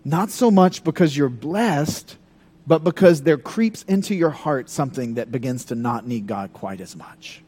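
A man preaching a sermon in a conversational, animated way, breaking into dramatic scripture readings. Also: on the high side, measured pace, slightly rough. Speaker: pastor.

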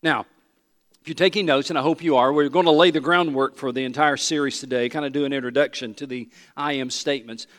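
A man's voice: mid-range voice, steady tone, quick pace, fairly bright tone. Emphatic male pastor in a reverberant hall. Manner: emphatic, repeats key lines, leads congregation in call-and-response. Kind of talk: sermon. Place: church sanctuary. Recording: long reverb of a large hall.

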